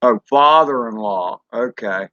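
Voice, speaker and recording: A man with a Southern US accent chatting casually on a live stream, rambling and folksy with drawn-out fillers and mild swearing. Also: mid-range voice, pushed and bright, no echo, lo-fi sound. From Southern United States. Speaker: drone channel host reading live chat.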